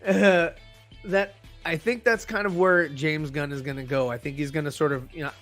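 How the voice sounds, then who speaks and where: High-voiced laughing man co-host. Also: fairly even intonation, normal speed, fairly bright tone, soft background music. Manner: laughs often, swears casually. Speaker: podcast co-host. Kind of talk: casual chat.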